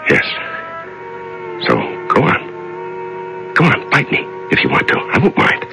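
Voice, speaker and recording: An actor playing a haggard prisoner just out of solitary confinement, stammering and pleading, in a 1970s radio drama. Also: male voice, mid-range voice, huge pitch swings, takes it slowly, vocal fry, sharp tone, soft background music, heavily acted, low-quality recording. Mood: feverish.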